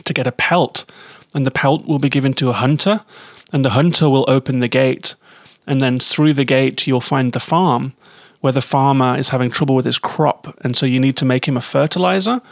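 Gravelly-voiced man reviewing a game. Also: medium pitch, moderate pace, no room sound, clean studio sound. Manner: chatty, enthusiastic, with fillers. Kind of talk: casual spoken game review.

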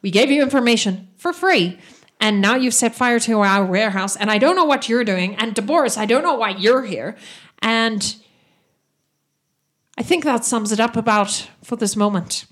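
A woman's voice: a little high, normal speed, a bit bright. A woman voicing an aggrieved male halfling gang leader in a tabletop game, making accusations. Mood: indignant.

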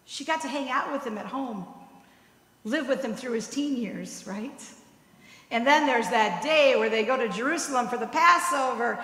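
A woman preaching a sermon as a storyteller, often checking in with her listeners with a quick "right?". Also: on the high side, a bit bright. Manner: storytelling, tagging points with "right?". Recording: echoey hall with long reverb.

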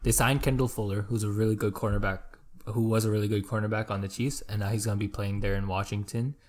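Young man, low-ish voice, casual sports chat, teasing. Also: flat delivery, a little mellow. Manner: quick, teasing and swearing. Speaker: podcast co-host.

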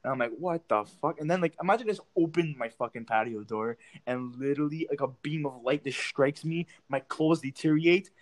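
A man's voice: fairly high pitch, fairly quick, few pauses. A young man hosting his own show, telling rambling, profane stories in a casual chat. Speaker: podcast host.

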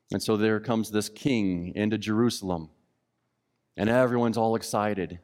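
A man preaching a sermon who acts out the indignant voices of the crowds with lively emphasis. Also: fairly low pitch, moderate pace, in a large hall. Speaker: pastor.

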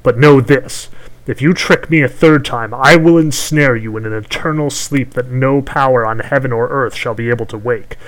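A man voicing a spiteful ancient hag who grumbles and threatens loudly. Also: medium pitch, moderate pace, close to an everyday voice, rough recording. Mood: menacing. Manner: loud, hissing, threatening.

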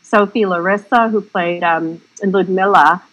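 A woman's voice: mid-range voice, a little slow, a bit bright, low-quality recording. A woman film director telling stories in a casual interview. She talks in a chatty, rambling stream, with a frank and salty edge.

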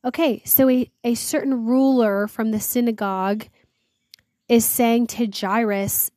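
A woman's voice: fairly high pitch, fairly even intonation, a little slow, darkish tone, dry recording. A woman reading Bible verses aloud and retelling them in casual, slangy words, earnest and awed, as host of a devotional series. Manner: reads scripture aloud, then retells it in chatty slang; earnest, awed, often exclaims "wow".

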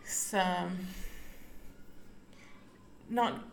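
A woman hosting a casual solo podcast, talking while lying down at home, relaxed and rambling with many fillers. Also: on the low side, drawn-out words, gravelly, slight background noise. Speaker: podcast host and psychic medium.

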